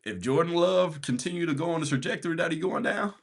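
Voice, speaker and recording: A man's voice: on the high side, fast, creaky, breathy edge. A man hosting a casual sports talk show, ranting in slangy, exasperated speech and breaking into frequent laughter. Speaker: podcast host.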